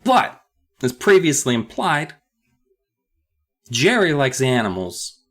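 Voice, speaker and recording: A man's voice: medium pitch, sing-song, slow pace, a bit bright. A man co-hosting a podcast, recapping a book in casual chat full of profane jokes and asides. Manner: joking, profane, rambling asides. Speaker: podcast co-host.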